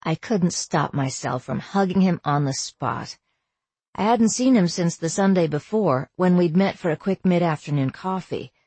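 A woman narrating a first-person novel as an audiobook, in a measured, wry storytelling manner. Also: fairly low pitch, expressive, warm tone, slightly rough, dry recording.

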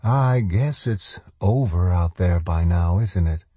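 A man playing a soft-spoken sinister young demon. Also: low voice, takes it slowly, husky, no room sound, full character voice. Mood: soft menace. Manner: soft and gently coaxing. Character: tall young man, soft, pleasant, quietly menacing demon. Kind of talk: audiobook character voice.

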